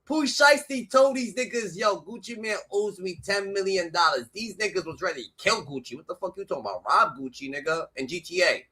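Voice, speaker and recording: A man streaming a live reaction, loud and heated, swearing constantly and swinging between shouting and muttering. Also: high-pitched, lively intonation, brisk, hardly any pauses.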